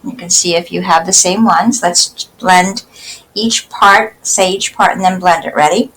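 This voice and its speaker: A woman teacher giving a phonics lesson to young children, speaking slowly and sounding out each word part clearly. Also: fairly low pitch, steady tone, fairly bright tone, slight background noise, poor audio. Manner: slow, carefully enunciated, sounding out word parts.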